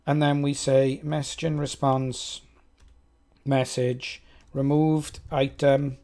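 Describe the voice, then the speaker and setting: A man's voice: medium pitch, level tone, takes it slowly, dark tone. A man with a Welsh accent thinks aloud as he codes on a live stream, chatting with viewers and poking fun at himself. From Wales. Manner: chatty, self-mocking, talks to chat.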